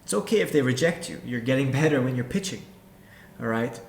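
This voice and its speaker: A man with a mid-range, expressive voice and some vocal fry talks briskly to camera, coaching beginners as a real estate investor. He's direct, keeps repeating his points, and addresses the viewer as "you." The room is echoey, with faint ambience behind him.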